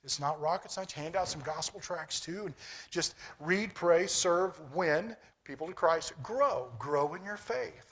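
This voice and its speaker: A man preaching a sermon, swinging between shouted exhortation and quiet, chatty storytelling. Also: on the high side, unhurried.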